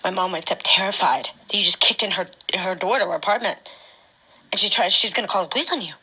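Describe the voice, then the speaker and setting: A woman speaking an emotional personal testimony straight to her former partner, often dropping to a hushed whisper. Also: mid-range voice, quick pace, husky, low-quality recording. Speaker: mother recounting her own experience.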